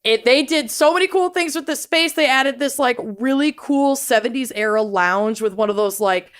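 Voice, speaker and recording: A woman's voice: sits high, normal speed, a bit bright, smooth. A woman co-hosting a podcast in casual chat, enthusiastic and laughing often. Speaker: podcast co-host.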